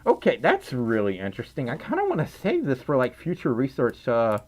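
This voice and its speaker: Giggly Southern-accented male streamer, goofy casual chat, voice bouncing high and low. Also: wildly swooping pitch, brisk. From Mississippi, US South. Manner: silly, giggly, reads donations aloud. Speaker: livestream host. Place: indoors at home, wearing a fursuit head.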